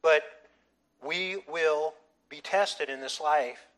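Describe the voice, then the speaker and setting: A middle-aged man preaching with a bright, forceful voice, pitched a little high. He tells stories with emphasis and often restarts his phrases. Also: slow. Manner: animated, emphatic storytelling with frequent restarts. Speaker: pastor. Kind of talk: sermon.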